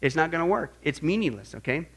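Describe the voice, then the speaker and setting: Man, middle-aged, Bible teacher, animated sermon, high-pitched, lively. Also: quick pace, slightly rough. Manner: animated, swings from quiet to loud exclamations.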